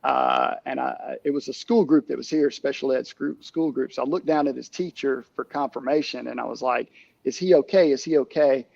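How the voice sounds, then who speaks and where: A middle-aged man, a camp director, telling stories in a casual interview, halting with many restarts and fillers. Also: mid-range voice, steady tone, vocal fry, no echo, muffled recording.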